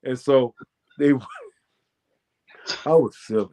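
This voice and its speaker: An American man, a former fighter, telling a profane, boastful story as a guest and breaking into loud shouted quotes. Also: medium pitch, huge pitch swings, extremely slow. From United States. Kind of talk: animated storytelling.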